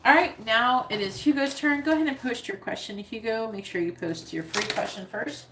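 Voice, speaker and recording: A woman's voice: a little high, brisk, reverberant, noisy background. A woman giving a casual live-stream tarot reading, chatty and rambling, talking straight to her viewers. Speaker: psychic reader on a live stream.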